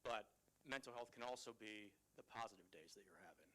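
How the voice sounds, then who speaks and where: A man on a conference panel making a measured, reasoned argument. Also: on the low side, a bit bright, poor audio. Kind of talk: panel discussion.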